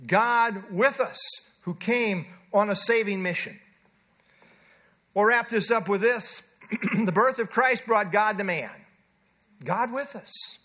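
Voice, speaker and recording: A middle-aged man preaching a sermon, earnest and emphatic, slowing down to stress key phrases. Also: high voice, bright, forceful tone. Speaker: pastor.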